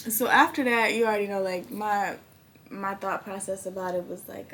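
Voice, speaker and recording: A young woman, hosting a podcast and telling a story in animated, profane casual chat. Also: mid-range voice, brisk. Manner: animated, swears freely, acts out quoted dialogue. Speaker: podcast host.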